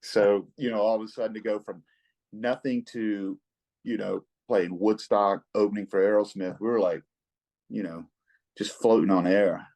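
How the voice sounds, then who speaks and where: Laid-back rock singer. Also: male voice, on the low side, moderate pace, poor audio. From American South. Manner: laid-back, folksy, chuckles often, repeats words when excited. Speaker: rock singer-songwriter, interview guest. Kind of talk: relaxed storytelling interview.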